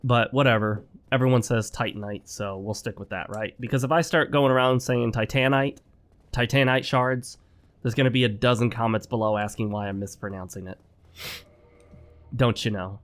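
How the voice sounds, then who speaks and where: A man's voice: lowish voice, fast talker, hardly any pauses. A man hosting his own gaming channel, chatting casually and with strong opinions while he plays, sounding a bit sick. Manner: rambling, opinionated, talks straight to viewers. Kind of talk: casual gameplay commentary. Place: home.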